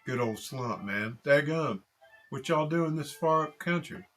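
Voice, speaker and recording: Nipper, a man doing a loud excitable country joker. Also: a little high, a little slow, faint music behind, pitched above the performer's own voice. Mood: excited. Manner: folksy drawl, eager and loud. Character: excitable young rural man, friendly joker.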